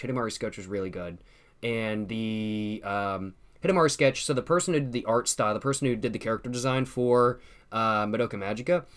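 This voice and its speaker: A young man hosting a relaxed livestream, his voice sitting right in the middle of the usual male range. He drifts between topics, reads out viewer comments, swears casually and leans on slang like "bro" and "y'all", often saying the same line twice. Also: medium pitch. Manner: loose and profane, heavy slang, repeats himself, laughs often. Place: at home streaming with a drink at hand.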